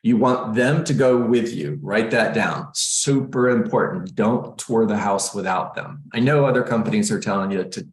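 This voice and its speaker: Lower-voiced middle-aged male coach, upbeat and joking, recorded in a roomy space. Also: normal speed, hardly any pauses. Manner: energetic, joking, acts out scripts. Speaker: real estate coach. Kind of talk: live training session, coaching agents.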